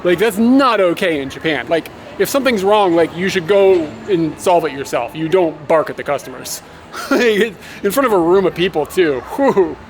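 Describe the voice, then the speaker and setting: A young man telling a story in a casual travel vlog, animated and swearing, laughing as he rants. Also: high-pitched, moderate pace, slight background noise. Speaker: motovlogger.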